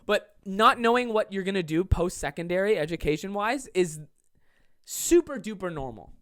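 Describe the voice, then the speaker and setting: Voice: mid-range voice, expressive, normal speed, no room sound, clean studio sound. A young adult podcast host giving casual, sarcastic, profanity-laced advice to listener questions from a home desk.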